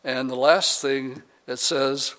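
A man's voice: mid-range voice, steady tone, slow pace, a bit bright, in a large hall. A man, a pastor, preaching a sermon to his congregation and reading scripture aloud with rising emphasis.

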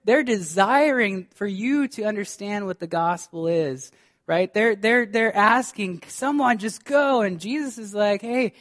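Fervent pastor with a raised voice. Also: male voice, high voice, lively intonation, a little slow, fairly bright tone. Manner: fervent, direct address to the congregation with frequent restarts. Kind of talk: sermon.

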